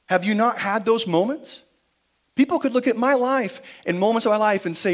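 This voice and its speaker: A man preaching a sermon in a church, moving between quiet, slow emphasis and louder, driven passages. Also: high-pitched. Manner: dynamic preaching, shifting between quiet emphasis and raised intensity. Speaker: pastor. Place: church sanctuary.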